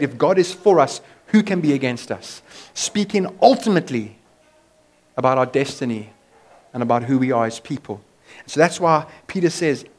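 A man's voice: medium pitch, darkish tone. A man preaching a sermon as pastor, in an emphatic, conversational way.

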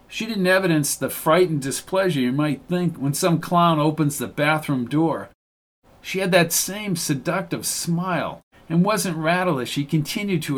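Man narrator, wry hard-boiled telling, a bit higher than most. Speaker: audiobook narrator. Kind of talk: first-person audiobook narration.

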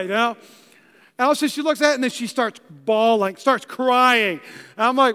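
High-voiced preacher in a big hall. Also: male voice, brisk, pushed and bright, clean tone. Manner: storytelling preacher, acts out voices. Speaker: pastor. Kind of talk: sermon. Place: church hall.

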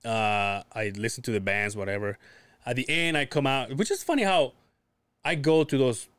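A man's voice: medium pitch, normal speed, a bit bright, clear, resonant tone, no room sound. A man co-hosting a podcast, telling a long story in a rambling, profane, casual way. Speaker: podcast co-host.

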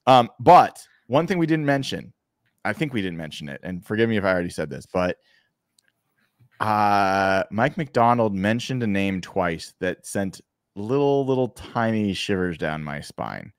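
Podcast co-host, man, low-pitched, animated, dry close sound. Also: normal speed, dry recording. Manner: animated, frequent restarts. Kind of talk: casual sports podcast chat.

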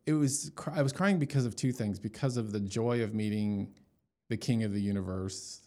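A man's voice: lowish voice, normal speed, dark tone. A man giving an emotional personal testimony as an interview guest, talking in a storytelling way with many fillers and restarts.

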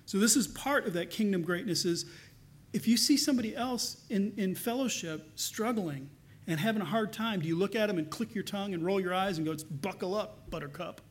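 A man preaching a sermon, earnest, swinging between loud emphasis and soft, hushed lines. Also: high-pitched, brisk. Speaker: pastor.

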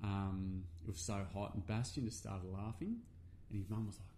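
Middle-aged Australian man, lower pitch, casual earnest storyteller, swears freely, light background noise. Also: fairly even intonation, normal speed, dark tone. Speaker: podcast guest, men's workshop facilitator.

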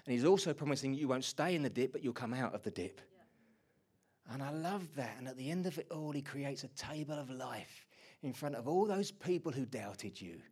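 A man preaching a sermon, moving between hushed, intimate lines and loud, energetic bursts. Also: medium pitch, normal speed, breathy edge. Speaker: pastor.

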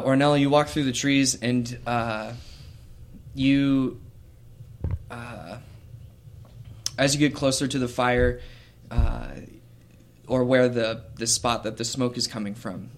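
A man narrating as game master of a tabletop role-playing game. He speaks slowly and breaks up his sentences with hesitations and fillers, at a mid pitch. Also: steady tone. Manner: slow, hesitant, with many fillers.

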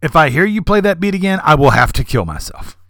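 A man putting on the voice of a cocky, profane male bandleader who talks in loud, swaggering bluster. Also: fairly high pitch, sing-song, fast talker, dry recording, pitched above the performer's own voice. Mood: boastful.

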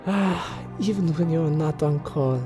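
A woman's voice: low voice, unhurried, music in the background, voice pushed up. A woman voicing a frail, teasing elderly woman who puts on a German accent. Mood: coy, teasing. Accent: put-on German.

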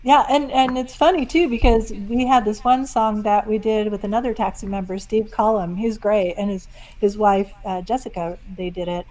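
A woman guest songwriter chatting in an interview, telling stories in a lively way. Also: medium pitch, normal speed, low-quality recording. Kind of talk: casual interview chat.

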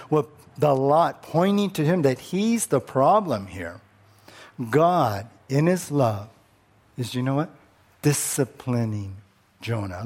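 A male pastor preaching a sermon in an animated way, repeating words when worked up and dropping low on key words.

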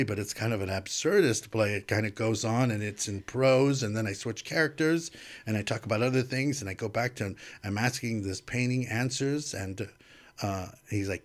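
A man with a fairly low voice tells stories as a podcast guest. He is animated and quotes other people in little acted bursts. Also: normal speed. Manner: animated storyteller who acts out quoted exchanges. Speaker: guest artist. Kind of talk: casual storytelling interview.

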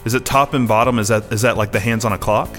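A man's voice: on the low side, fairly even intonation, fast talker, a bit bright. Man, pastor hosting a podcast, casual chat, laughs easily, reverberant hall, faint music underneath. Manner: chatty, laughs easily, many fillers.

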